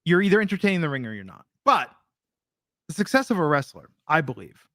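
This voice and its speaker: A man's voice: on the high side, very animated, brisk, bright, forceful tone, no room sound. Dry, wry man on a close mic. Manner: dry, wry, with hesitant fillers. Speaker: podcast co-host. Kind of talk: casual chat.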